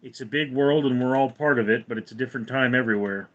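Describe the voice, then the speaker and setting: A man with a mid-range, slightly bright voice talks fast on a casual livestream, and the highs in the audio are cut off. He's from California and rambles along while reading viewers' chat questions aloud and answering them.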